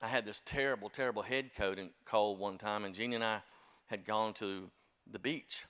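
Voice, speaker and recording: A man's voice: fairly low pitch, steady tone, normal speed, fairly bright tone, clean tone. Folksy older storyteller man. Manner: folksy, self-deprecating storyteller. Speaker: church music director. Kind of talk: storytelling talk to a congregation.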